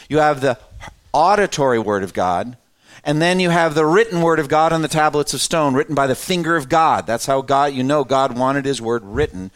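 Guy teaching a bible class, mid-pitch voice, reads the verses out with some punch then stops to chat and ask the group stuff. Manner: reads scripture aloud with lively emphasis, then breaks off to explain; conversational, asks the class questions.

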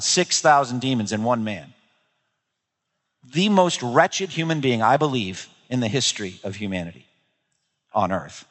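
A pastor with a mid-range, fairly bright voice preaches a sermon, emphatic and repeating key phrases for weight. He slips into quoted voices, and the long reverb of a large hall surrounds him.

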